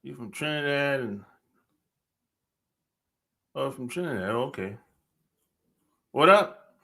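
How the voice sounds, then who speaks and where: A man's voice: medium pitch, expressive, slow pace, vocal fry, pushed and bright. A man hosting a podcast livestream, talking in a laid-back, slangy way and laughing often. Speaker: podcast host. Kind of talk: casual livestream chat.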